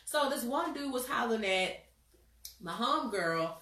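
A woman, hosting a casual chat, laughing often and telling stories with lively impressions of people. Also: moderate pace. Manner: animated, laughs often, mimics people in high voices. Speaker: host. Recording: roomy, a bit far from mic.

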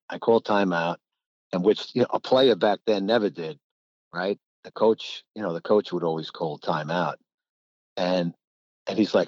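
This middle-aged former college basketball player chats casually, telling winding stories full of laughter and acted-out quotes. His voice is low-pitched and darkish at a moderate pace, on a dull, dry lo-fi recording.

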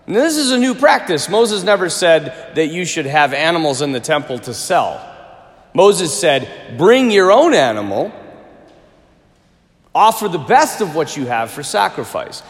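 Priest's homily: lively, higher-pitched male preacher, casual and funny, echoing church. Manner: animated, conversational preaching with humor. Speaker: Catholic priest. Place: large church. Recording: reverberant church hall.

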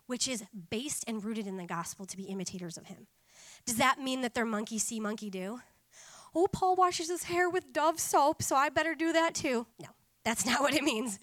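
A woman in her thirties preaching a sermon in an animated way, laughing often and breaking into lively asides. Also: a little high.

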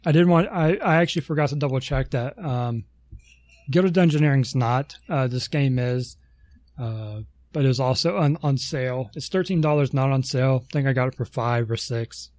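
A man chatting on a podcast in a meandering way, stopping for ums and fixing himself mid-sentence. His voice sits at an ordinary middle pitch. The sound is dry and close, with no room echo. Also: moderate pace, a little mellow. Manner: rambling, many ums and self-corrections. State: has the hiccups. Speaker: podcast co-host. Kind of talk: casual podcast chat.

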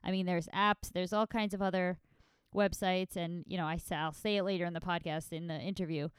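A woman's voice: on the low side, steady tone, a little fast, clear, resonant tone, no room sound, studio quality. A woman hosting a casual solo podcast, sounding nasal from allergies, rambling in a chatty, self-deprecating way. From New York. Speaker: podcast host.

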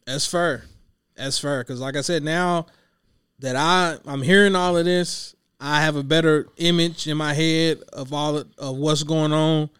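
A man hosting a podcast, chatting in a relaxed, conversational way with slangy asides. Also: on the high side, a little slow, clean tone, no room sound. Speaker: podcast host. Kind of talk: casual podcast chat. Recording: dry close mic.

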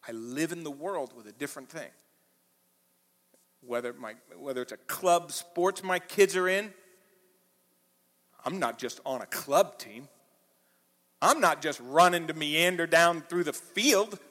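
Impassioned preacher in a reverberant hall. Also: male voice, fairly high pitch, measured pace, long pauses. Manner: animated preaching, swinging from quiet to loud. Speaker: pastor. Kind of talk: sermon. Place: church auditorium.

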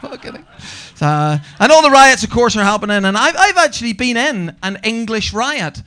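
A man's voice: very high voice, very animated, moderate pace, bright, forceful tone, clear, resonant tone. A man with a Northern Irish accent doing a brash, sweary live stand-up set and teasing the audience. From Northern Ireland. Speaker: stand-up comedian. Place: comedy venue stage.

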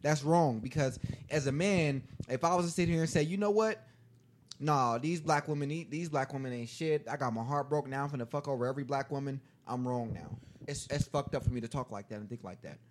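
A man's voice: mid-range voice, slight background noise. A man co-hosting a casual podcast debate, pressing his point hard and arguing with his co-hosts. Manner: fast, pressing, argumentative. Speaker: podcast co-host.

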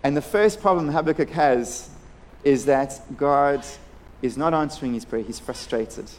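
A man, a pastor, preaching a sermon earnestly, moving between hushed and impassioned passages. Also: medium pitch, a little slow.

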